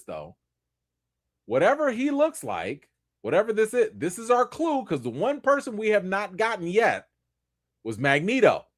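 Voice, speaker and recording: A man talks through the week's news on his livestream. His voice sits a little high and swings widely in pitch as he presses his points, and the sound is dry and close. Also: dry recording. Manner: emphatic, animated, repeats points for effect. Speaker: livestream host. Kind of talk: casual commentary livestream.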